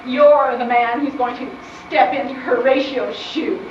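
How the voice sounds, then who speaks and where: Woman doing a neurotic gushing sister-in-law, high and slow, super echoey and far. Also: steady tone, slight background noise. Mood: melodramatic. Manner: melodramatic, gushing. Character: neurotic, theatrical middle-aged sister-in-law. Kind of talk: amateur stage play. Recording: distant muffled echoey stage recording.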